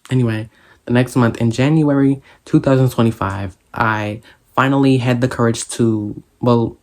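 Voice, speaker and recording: A young man spills a storytime about school friendship drama straight to camera. His voice sits at an ordinary middle pitch. He tells it in a sassy, dramatic way, throwing in quick asides. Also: fairly even intonation, a little mellow. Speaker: vlogger. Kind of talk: casual storytime.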